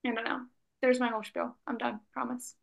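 A woman's voice: on the high side, flat delivery, a little fast, vocal fry. A woman co-hosting a podcast, chatting playfully and poking fun at herself. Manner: playful, self-mocking, laughing along. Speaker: podcast co-host. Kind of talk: casual podcast chat.

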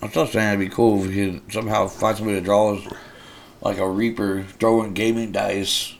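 A man's voice: fairly low pitch, flat delivery, brisk, gravelly, a little hiss or hum. A man co-hosting a podcast in casual chat, laid-back and laughing often. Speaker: podcast co-host.

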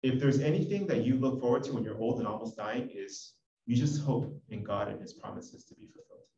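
A man preaching an expository sermon, reading scripture with animated emphasis. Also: medium pitch, brisk, gravelly. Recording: echoey, dull audio from a distance.

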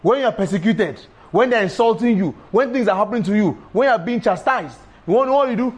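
A man preaching a sermon, emphatic and repetitive, breaking into sudden high exclamations. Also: animated, fairly quick, hardly any pauses, darkish tone.

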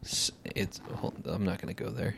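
A man's voice: fairly low pitch, steady tone, normal speed, gravelly, a bit bright, breathy edge. A young man co-hosting a podcast, teasing his friends in casual banter. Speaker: podcast co-host.

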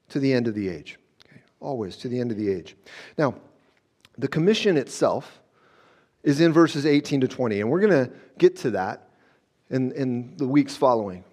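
Slightly high and a little mellow, this man's voice carries a casual sermon. He keeps asking "okay?", frequently starts sentences over, and dramatizes scenes along the way.

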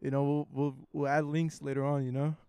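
A man's voice: on the high side, level tone, fairly quick, dark tone, smooth, dry recording, clean studio sound. A man in his early twenties, co-hosting a casual podcast, with slangy, laid-back banter. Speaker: podcast co-host.

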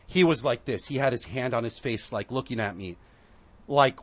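A man telling a story on a podcast, acting out the quotes with lively shifts and growing emotional at moments. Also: mid-range voice, a little fast. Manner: animated, acts out quotes, emotional at times. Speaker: guest.

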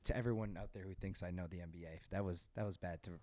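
A man co-hosting a podcast, chatting about sports in a relaxed, self-deprecating way. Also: deep voice, fast talker. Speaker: podcast co-host. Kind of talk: casual sports chat.

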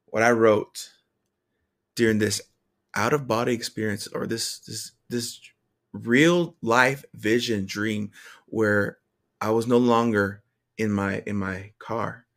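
Slow, earnest man reading his journal. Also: medium pitch, a bit bright. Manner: earnest, emotional, halting restarts. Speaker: vlogger.

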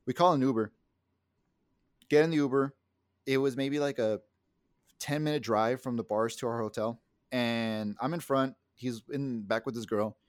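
A man's voice: mid-range voice, steady tone, moderate pace, long pauses, no echo, studio quality. A young man co-hosting a podcast, telling a rambling, profane story with lots of acted-out quotes in casual chat. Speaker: podcast co-host.

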